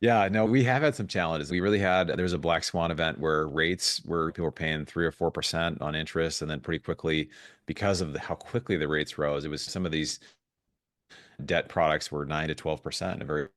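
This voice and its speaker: A man speaking as a guest in a podcast interview, telling stories in an animated way with frequent restarts. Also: rumbling low, dry recording, clean studio sound. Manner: fast, animated storytelling with restarts. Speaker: guest investor.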